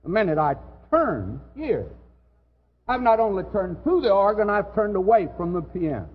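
Male preacher, sermon, lively pitch, husky voice, long hall reverb, dull lo-fi sound. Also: moderate pace. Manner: earnest, conversational preaching with sudden loud emphasis.

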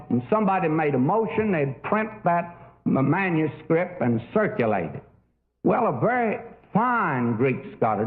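An older man preaching a sermon, telling a story with folksy asides, many fillers and a lively, rising and falling delivery. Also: mid-range voice. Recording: phone-like narrow audio.

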